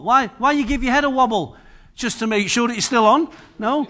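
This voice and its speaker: Bright sharp-toned manc preacher guy, jokey sermon, keeps asking the congregation stuff. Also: extremely high pitch, animated, normal speed. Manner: humorous, chatty, asks the congregation questions.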